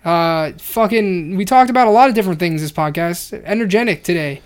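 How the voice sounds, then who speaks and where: A man's voice: high voice, fairly quick, clean tone. Profane rambling male podcast co-host. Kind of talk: crude casual podcast chat.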